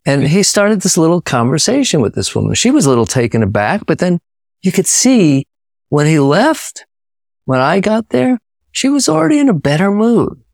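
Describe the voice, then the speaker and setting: A man's voice: high voice, sing-song, normal speed, creaky, a little mellow, no echo, studio quality. A man from New York, speaking as an author and guest in a casual interview, reflective, with frequent restarts. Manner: reflective, many restarts and repetitions.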